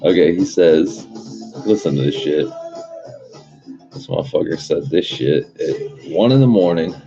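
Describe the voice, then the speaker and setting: A man's voice: low-pitched, unhurried, vocal fry, pauses often. A young man hosting a livestream, telling stories in a casual, profane, laid-back way. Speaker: livestream host. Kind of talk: casual rambling chat. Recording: dull lo-fi stream audio with music behind.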